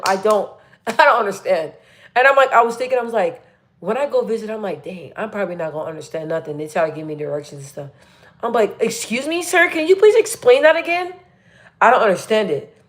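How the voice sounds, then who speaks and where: A woman hosting a casual livestream from home, chatting with viewers in a rambling way full of fillers. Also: lowish voice. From Arizona, US. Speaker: livestream host.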